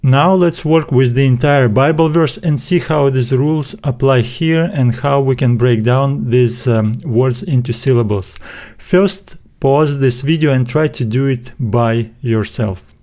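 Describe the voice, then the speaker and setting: Slow, deliberate male teacher. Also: mid-range voice, a little mellow. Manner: slow and deliberate, syllable by syllable, many "uh" fillers. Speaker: Greek language teacher. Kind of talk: slow explanatory lesson.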